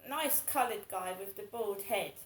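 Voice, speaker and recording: A woman's voice: medium pitch, measured pace, roomy sound, a little hiss or hum, rough recording. A woman in her fifties talking in a casual monologue, rambling and repeating herself in an aggrieved way. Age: 50s. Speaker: vlogger.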